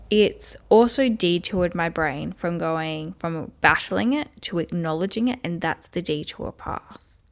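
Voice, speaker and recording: A woman giving a self-help video lesson, earnestly guiding the listener step by step and speaking affirmations aloud. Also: fairly low pitch. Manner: speaks tapping affirmations aloud in first person.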